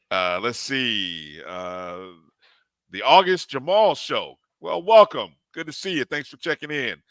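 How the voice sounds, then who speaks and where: A man's voice: mid-range voice, sharp tone, dry recording. A man co-hosting a live sports talk show, animatedly greeting chat viewers one by one by name.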